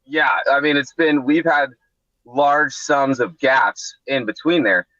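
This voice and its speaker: A man's voice: medium pitch, takes it slowly, sharp tone. A man on a remote call to a sports podcast, talking casually and rambling with many restarts, over a dull lo-fi connection.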